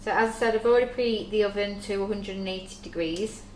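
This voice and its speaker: A woman talks through a recipe step by step while she bakes, in a chatty, easy way. Her voice bounces around a roomy kitchen. Dishes and pans clatter clearly in the background. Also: medium pitch, fast, darkish tone, slight background noise. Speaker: baker demonstrating recipes. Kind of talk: live cooking demonstration. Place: shop's demo kitchen.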